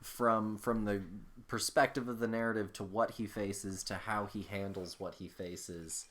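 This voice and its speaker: Low-voiced man analyzing a film. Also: level tone, a little slow, a bit bright. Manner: thoughtful, explanatory, recommending. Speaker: podcast co-host. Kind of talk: casual film discussion.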